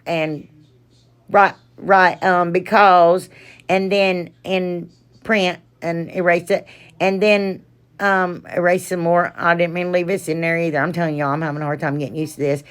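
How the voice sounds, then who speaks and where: A woman, chatting casually to her viewers as she walks through a craft project and an unboxing, rambling from one thing to the next. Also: fairly low pitch. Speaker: craft vlogger. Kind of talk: casual tutorial and unboxing chat.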